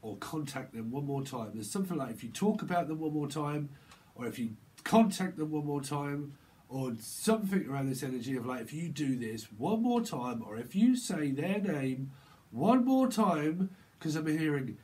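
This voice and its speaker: A man's voice: fairly high pitch, expressive, normal speed, darkish tone. A man giving a rambling tarot reading to camera, playing with words and breaking into chuckles and silly voices. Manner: playful, free-associating wordplay. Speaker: tarot reader.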